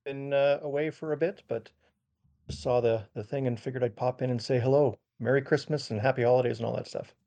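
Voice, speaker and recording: Laid-back man with a mellow voice. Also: medium pitch, steady tone, a little fast. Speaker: guest. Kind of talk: casual chat.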